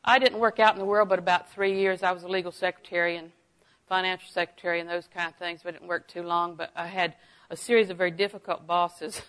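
A middle-aged woman preaching a sermon, folksy and animated, often laughing and dropping to a hush for asides. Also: medium pitch, poor audio. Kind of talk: sermon with personal stories.

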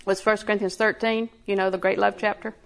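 A woman's voice: mid-range voice, flat delivery, fast, a bit bright. A woman preaching a sermon in a conversational way, laughing often and building emphasis.

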